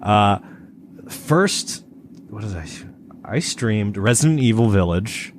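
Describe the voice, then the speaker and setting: A man's voice: fairly low pitch, lively intonation, slow pace, slight background noise. A man co-hosting a podcast, chatting casually in a rambling way, with lots of stumbling restarts and swearing. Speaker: podcast co-host. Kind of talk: casual chat.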